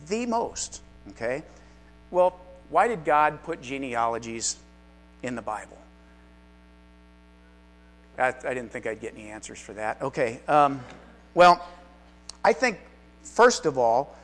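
A man leads a Bible class in a relaxed, talkative way. He mixes self-deprecating humor with his teaching and often turns to address the group directly. Faint music sits in the background. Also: a little high.

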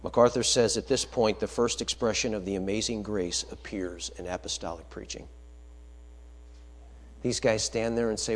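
A man preaching a sermon, emphatic, swinging between loud declarations and quiet low asides. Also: normal speed.

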